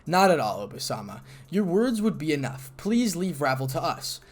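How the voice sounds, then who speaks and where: A man's voice: fairly high pitch, big pitch swings, moderate pace. A man doing a courteous young devil heiress. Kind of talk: fan audiobook reading.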